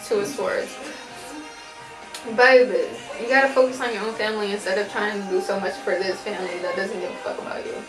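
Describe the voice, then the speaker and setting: Higher-voiced woman, casual swearing tarot reader, echoey home room. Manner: profane, laughing, chatty. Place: home with family noise in background.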